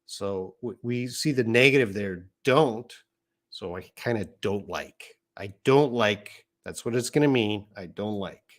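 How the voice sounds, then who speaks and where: Slow-talking man teaching English live. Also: fairly low pitch. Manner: reads viewer comments aloud, explains patiently. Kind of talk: live-streamed English lesson.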